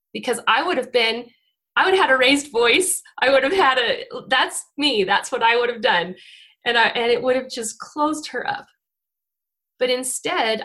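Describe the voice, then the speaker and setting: A woman, around her forties, speaks in a bright, tense voice that sits a little high. She gives a heartfelt devotional talk, close to tears, often breaking off and restarting her sentences. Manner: heartfelt and emotional, with frequent restarts. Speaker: church speaker.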